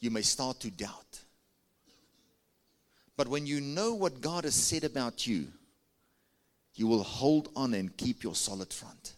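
This South African pastor is animated but slow, pausing often as he preaches his sermon. His pitch swings widely while he coaxes the congregation to respond and raise their hands.

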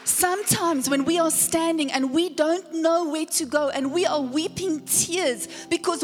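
A woman's voice: very high voice, a little slow, hardly any pauses. A woman pastor preaching a sermon, retelling the story dramatically and calling out to the congregation. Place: church sanctuary. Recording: long church hall reverb with faint music.

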